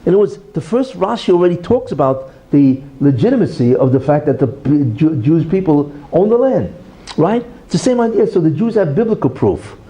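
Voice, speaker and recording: Very dark-voiced emphatic male rabbi lecturing. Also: a little high, lively intonation, brisk, highs cut off. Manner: emphatic, full of tag questions like "right?" and "you see"; teaches through a parable, acting out the quarrel in raised voices. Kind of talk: religious lecture.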